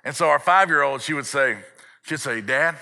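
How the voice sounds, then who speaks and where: A man's voice: on the high side, a little fast, vocal fry, pushed and bright. A man preaching a sermon as pastor, telling a family story with playful asides to the congregation.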